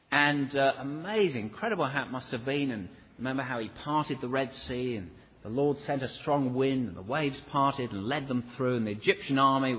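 A husky, slightly breathy male preacher delivers an earnest sermon, pleading with his listeners and slipping into the voices of the grumblers he quotes. The sound is dull and lo-fi, with a long hall reverb trailing each phrase. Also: medium pitch. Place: church.

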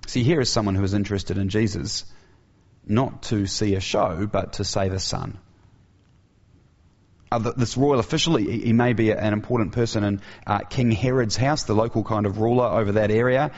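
A man's voice: fairly low pitch, moderate pace, darkish tone. A man preaching an earnest sermon who asks his listeners rhetorical questions, in a dull, lo-fi recording.

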